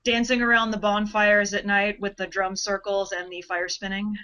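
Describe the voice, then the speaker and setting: A woman's voice: medium pitch, level tone, normal speed, a crowd in the background, rough recording. A woman in a casual podcast chat, telling stories in an easygoing way.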